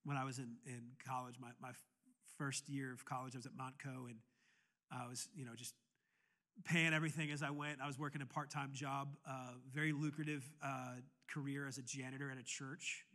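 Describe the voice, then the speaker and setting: A man's voice: medium pitch, level tone, fairly quick, pushed and bright. A male pastor telling a personal story in a conversational sermon, with many restarts, then building into passionate, raised preaching. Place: church sanctuary.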